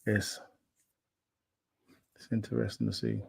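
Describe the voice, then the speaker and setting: A man co-hosting a live stream, talking casually and telling stories in a relaxed, animated way. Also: fairly low pitch, a little slow, creaky, breathy edge, dry recording. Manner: relaxed storyteller, animated when retelling. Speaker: co-host.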